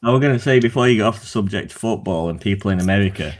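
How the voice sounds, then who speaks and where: A man's voice: lowish voice, rapid-fire. A man guesting on a livestream, talking bluntly and swearing in casual chat. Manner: blunt, sweary, laughs often. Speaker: guest co-host.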